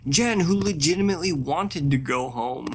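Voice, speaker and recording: A man co-hosting a podcast in casual, animated chat, often acting out what others said. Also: a little high, moderate pace, a little hiss or hum. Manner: animated, swearing, acts out quotes. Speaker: podcast co-host.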